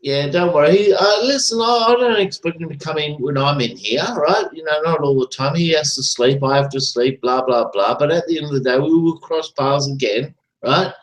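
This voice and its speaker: With a slightly high voice, this livestream host rants in a casual, rambling, foul-mouthed and repetitive way. His pace is moderate with few breaks, and a roomy echo fills the recording.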